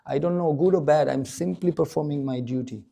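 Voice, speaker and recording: Man, devotional lecture, gravelly, dark voice, animated storytelling. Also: a little high, a little fast. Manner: animated, acts out the dialogue of the story; chants Sanskrit verses. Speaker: preacher.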